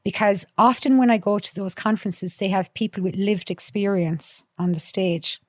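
Dublin woman, podcast guest, animated storyteller, swears freely, dry close sound. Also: mid-range voice, moderate pace, no room sound. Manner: lively storyteller, acts out quotes, swears freely. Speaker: podcast guest, youth worker. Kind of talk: casual chat.

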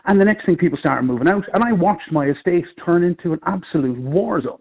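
A middle-aged Irish man, a comedian, telling rambling, animated anecdotes in casual chat. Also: high voice, a little fast, vocal fry, breathy edge, narrow, tinny audio. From Ireland. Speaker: comedian guest. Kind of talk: casual storytelling.

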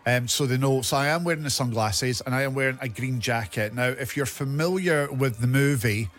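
A Scottish man co-hosting a podcast, talking in a playful, animated way and laughing easily, recorded indoors in a studio office. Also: mid-range voice, fairly quick. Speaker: podcast co-host and radio presenter. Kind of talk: casual podcast chat.

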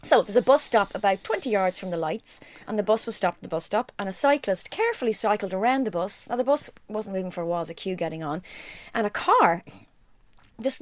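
A woman co-hosting a podcast, telling an anecdote briskly and acting out the lines of the people in it. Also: mid-range voice, no room sound. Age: adult. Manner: brisk storyteller, acts out quoted lines. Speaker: podcast co-host.

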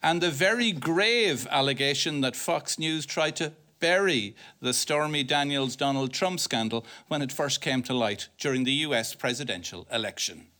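A man's voice: mid-range voice, normal speed, few pauses, bright, forceful tone. A man hosting a comedy panel show, delivering scripted gags with wry timing. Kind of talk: scripted comic presenting.

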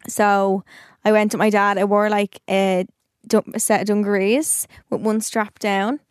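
A woman's voice: mid-range voice, little pitch movement, a little slow, clear, resonant tone, no echo, studio quality. A young woman with a Dublin Irish accent, co-hosting a podcast and telling stories in casual chat, swearing now and then. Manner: chatty storytelling, swears casually. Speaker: podcast co-host.

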